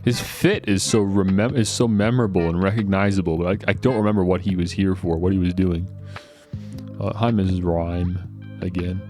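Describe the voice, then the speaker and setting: A man's voice: low-pitched, steady tone, moderate pace, darkish tone, soft background music. A man giving casual, joking commentary while playing a video game. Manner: joking, chatty, laughs a lot. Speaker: let's play gamer.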